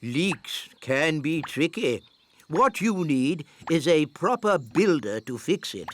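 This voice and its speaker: Wise Old Elf, a smug old elf. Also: male voice, on the high side, very animated, slight background noise. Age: older. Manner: slow, self-important, drawn-out. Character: wise old male elf, smug know-it-all builder.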